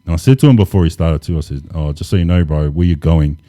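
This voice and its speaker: A man, relaxed and laid-back, telling stories as an interview guest with lots of casual fillers. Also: a bass voice, quick pace, no echo, studio quality. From New Zealand. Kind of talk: casual storytelling.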